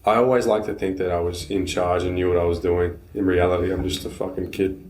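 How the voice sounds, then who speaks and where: A man's voice: low-pitched, flat delivery, brisk, a little mellow, reverberant, distant mic, slight background noise. A young man hosting a casual chat with fellow cleaners, candid and self-deprecating, with casual swearing. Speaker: podcast host.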